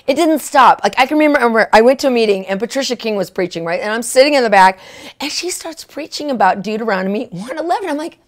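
A woman minister telling a testimony in a sermon, excitable, often laughing and asking "right?" and "okay?". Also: on the high side, fast talker. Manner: laughs often mid-sentence.

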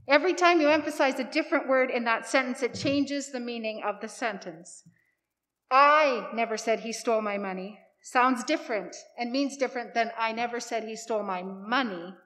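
A woman's voice: high voice, a bit bright, in a large hall. A woman pastor giving a sermon in a conversational, lightly humorous way. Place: church sanctuary.

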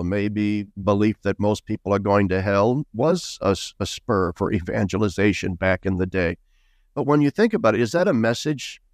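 A man's voice: lowish voice, no room sound, studio quality. A man speaking as an author guest in a podcast interview, earnest and emphatic, repeating key words for stress.

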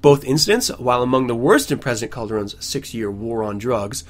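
A man's voice: medium pitch, fairly quick. A man hosting a podcast at home, reading news stories aloud and breaking off into sarcastic, ranting asides. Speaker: podcast host.

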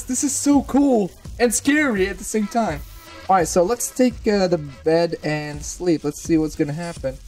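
A gamer giving gameplay commentary, excitable, swearing often and repeating words in panicked bursts. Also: medium pitch, moderate pace, faint music behind. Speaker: gamer hosting a let's-play channel.

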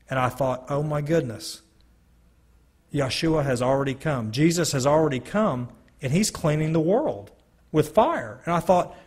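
A man telling his personal testimony to a live audience, slowly and earnestly, with dramatic pauses. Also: fairly high pitch, husky. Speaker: speaker giving a personal testimony.

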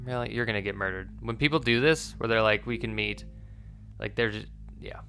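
A man's voice: lowish voice, quick pace, pushed and bright, slight background noise. A man playing through a story game, reading the dialogue aloud and joking about it between lines. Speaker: gaming YouTuber. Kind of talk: let's-play commentary reading dialogue.

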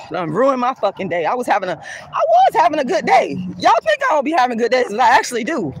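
A woman's voice: a little high, wildly swooping pitch, brisk, breathy edge. A woman activist ranting to camera outdoors, heated, cursing and scornful. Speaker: colorism activist. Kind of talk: angry profane rant to camera.

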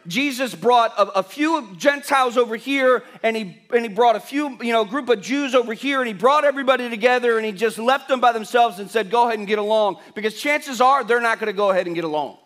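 A man with a notably high-pitched voice preaches to his congregation through a stage microphone. He is emphatic, repeats his key phrases and puts questions to the listeners. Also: a bit bright. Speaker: pastor. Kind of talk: sermon. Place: church sanctuary.

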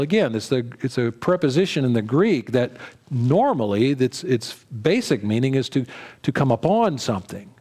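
Middle-aged male pastor, mid-pitched voice, chatty sermon full of ums and restarts. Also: darkish tone. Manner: conversational preaching with frequent fillers, restarts and "right?" asides.

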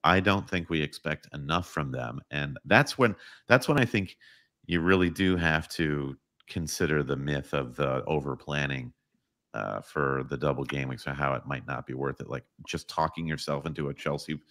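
A man's voice: extremely low pitch, normal speed, fairly bright tone. A man co-hosting a casual podcast chat in a laid-back way, giving short agreeing replies. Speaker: podcast co-host.

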